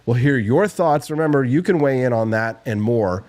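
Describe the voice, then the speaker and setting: A man's voice: mid-range voice, animated, moderate pace, a little mellow. Rambling talk show host man. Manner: rambling anecdotes with many fillers and restarts. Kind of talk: casual radio talk show.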